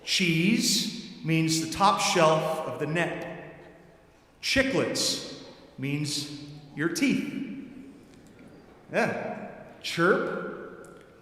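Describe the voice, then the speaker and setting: A man's voice: on the high side, fairly bright tone. A man giving a casual, joking homily as a priest. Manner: casual, joking, conversational preaching. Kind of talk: sermon. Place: large church. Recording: echoey church with long reverb.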